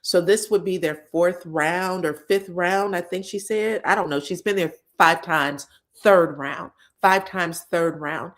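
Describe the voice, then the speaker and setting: A woman in casual chat, recapping reality-show scenes for viewers with animated, emotional delivery and free swearing. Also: fairly low pitch, a little slow. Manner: retells scenes in others' voices.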